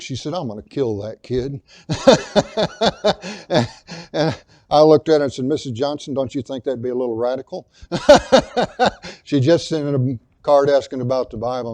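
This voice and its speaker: A man preaching a sermon, telling a personal story in an earnest way and slowing and softening for emphasis. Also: medium pitch. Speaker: pastor.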